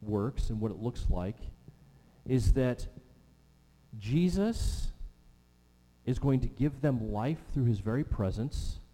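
A man preaching a sermon, emphatic, repeating key phrases and slowing down to stress them. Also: mid-range voice, animated, mellow. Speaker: pastor. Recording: long reverb of a large hall.

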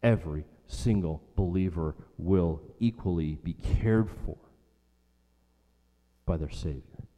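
A man preaching a sermon earnestly, repeating phrases for emphasis and slowing down on key lines. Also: deep voice, dark tone. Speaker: pastor. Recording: long hall reverb.

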